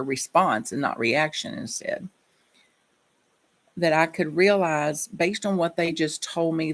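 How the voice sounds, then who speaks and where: Gravelly-voiced woman giving a reflective sermon. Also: very deep voice. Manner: reflective, personal storytelling. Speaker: minister.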